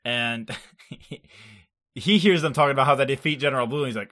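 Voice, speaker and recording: A man's voice: medium pitch, a little fast, fairly bright tone. A man co-hosting a podcast, recapping an anime episode in loose casual chat, laughing often and swearing. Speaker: podcast co-host.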